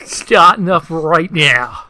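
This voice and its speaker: Brief: a man putting on a hammy Aussie-bloke announcer; mock accent slides into Scottish and Irish; very animated. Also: fairly high pitch, slow pace, very noisy. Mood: goofy. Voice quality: exaggerated mock accent drifting between Australian, Scottish and Irish. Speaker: podcast co-host.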